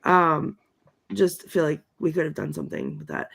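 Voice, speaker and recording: Film-review co-host, a woman with a clear bright voice, dry and rambling, reads off her notes. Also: low-pitched, sing-song, moderate pace. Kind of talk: casual chat.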